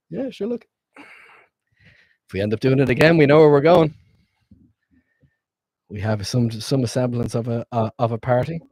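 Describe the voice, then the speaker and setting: A man's voice: mid-range voice, lively intonation, a little slow, long pauses, darkish tone, dry recording. A man streaming as game master, wrapping up a tabletop session in loose, rambling casual chat with frequent swearing.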